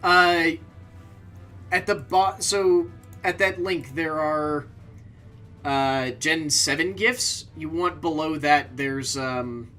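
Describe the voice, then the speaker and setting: A man's voice: a little high, steady tone, slow, sharp tone, soft background music. A man giving casual, offhand let's-play commentary, rambling and full of fillers. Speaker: streamer.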